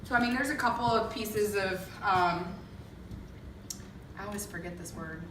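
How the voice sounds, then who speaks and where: A woman's voice: medium pitch, normal speed, fairly bright tone, a little hiss or hum. Chatty woman touring a bare, echoey room. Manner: chatty, lots of ums, thinking aloud. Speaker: homeowner giving a renovation tour. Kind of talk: casual walkthrough vlog. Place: empty house under renovation, indoors. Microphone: camera mic held by another person.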